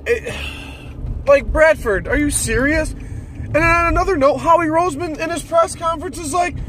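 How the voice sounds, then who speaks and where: High-voiced man on a profane rant. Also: normal speed, fairly bright tone, slight background noise. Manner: profane, irritated, ranting. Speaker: football fan commentator. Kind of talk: solo sports rant.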